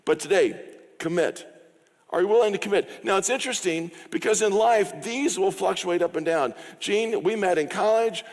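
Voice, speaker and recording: A man's voice: high voice, moderate pace. A middle-aged man preaching a sermon as pastor, in a conversational way, acting out short quoted exchanges. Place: church sanctuary. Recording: long reverb of a church hall.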